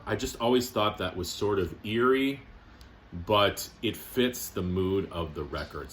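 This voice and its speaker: A man's voice: lowish voice, fairly bright tone, a little hiss or hum. A man talking casually to the camera as a record-collecting vlogger, chatty and joking. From Canada. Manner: chatty, joking, fond of strong language.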